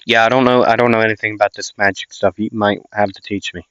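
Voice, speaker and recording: A man's voice: lowish voice, steady tone, quick pace, fairly bright tone, clean tone, dry recording, close to an everyday voice. A man voicing a blunt young male hero in a fan-made audio story, laid-back and a little bewildered. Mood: rambling. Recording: dull lo-fi dry recording.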